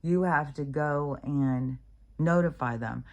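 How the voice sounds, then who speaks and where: Her deep voice moves at a slow pace and sounds a little mellow, with the highs cut off in the recording. She's a middle-aged American vlogger rambling casually at home beside her dog, full of fillers and restarts.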